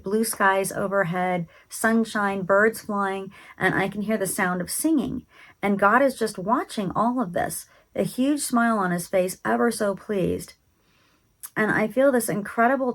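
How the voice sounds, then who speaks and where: A woman slowly and reverently recounting a spiritual vision in the present tense. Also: medium pitch. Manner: slow, hushed and reverent.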